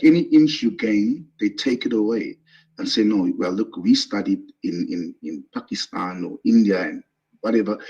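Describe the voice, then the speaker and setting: Soft-spoken, husky man on a dull line. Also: medium pitch. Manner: soft-spoken, relates what others told him, hesitant. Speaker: guest on a live stream. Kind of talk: casual conversation.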